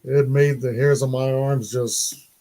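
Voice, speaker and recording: Slow-talking man hosting a stream. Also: medium pitch, level tone, dark tone. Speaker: live stream host. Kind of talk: casual chat.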